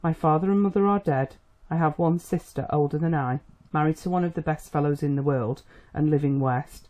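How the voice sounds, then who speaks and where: A storybook reader voices an earnest young man seeking a father's blessing in a period novel. He speaks steadily and politely, self-possessed. The tone stays mellow. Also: mid-range voice, a little fast, close to an everyday voice. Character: earnest young male engineer, the suitor.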